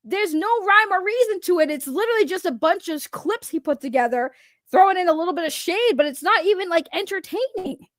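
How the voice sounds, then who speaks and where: High-voiced woman streamer, rambling trash talk. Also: lively intonation, a little fast, no room sound, clean studio sound. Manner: rambling, trash-talking, often laughing. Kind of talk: casual reaction livestream.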